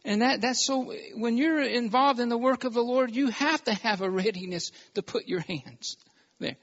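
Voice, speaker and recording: A man preaching a sermon in a very high voice, pressing each point with emphasis. He keeps calling for amens from the congregation. The recording sounds dull and lo-fi. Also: normal speed, fairly bright tone. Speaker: pastor.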